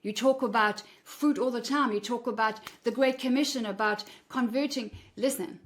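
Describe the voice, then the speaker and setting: Blunt, preachy woman with a higher voice. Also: normal speed. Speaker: podcast host. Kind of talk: faith-based motivational talk.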